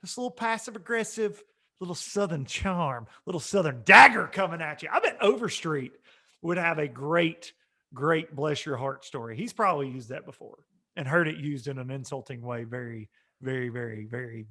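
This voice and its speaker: A male podcast co-host who jokes and spins long, loose stories in a relaxed chat. His voice is high and bright. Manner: joking, drawn-out storytelling.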